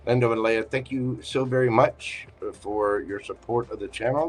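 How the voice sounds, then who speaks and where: A man's voice: medium pitch, fairly even intonation, moderate pace, hardly any pauses, faint music behind. A man with a Southern accent hosting a livestream tarot reading, talking in a folksy, joking and reassuring way. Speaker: tarot reader and livestream host.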